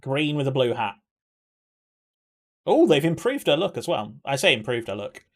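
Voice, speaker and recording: A man's voice: medium pitch, big pitch swings, normal speed. Chatty man streaming live. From England. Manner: chatty, laughs often, reacts to chat. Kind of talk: casual live-stream chat.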